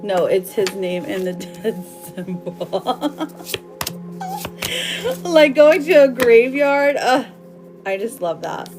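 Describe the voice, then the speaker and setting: A woman's voice: mid-range voice, animated, takes it slowly, long pauses, music in the background. A woman doing a live tarot reading for viewers, bubbly and affectionate, chatting loosely with lots of fillers and laughs. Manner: affectionate, calls viewers girl and my love. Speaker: tarot reader.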